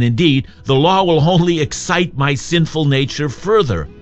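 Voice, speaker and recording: A man's voice: a little high, highs cut off. A man preaching a radio sermon, earnest and emphatic, reading scripture and posing rhetorical questions. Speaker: radio Bible teacher.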